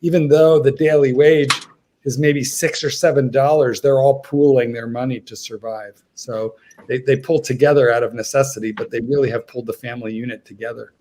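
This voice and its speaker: On a casual livestream panel joined by video call, a male dog trainer rambles through stories, restarting often. He speaks fairly quickly in a mid-range, slightly mellow voice with fairly even intonation.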